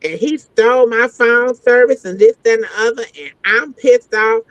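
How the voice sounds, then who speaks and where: A woman's voice: fairly high pitch, normal speed, no room sound. A woman guest entertainer telling a story in a frank, profane, slang-heavy way. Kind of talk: animated storytelling. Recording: dull lo-fi, dry sound.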